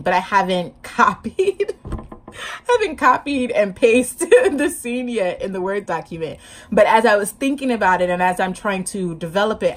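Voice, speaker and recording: Vlogging casually to the camera about her writing, a woman with a mid-range voice comes across hyper and chatty. She laughs often, talks with her hands, and seems a bit short on sleep.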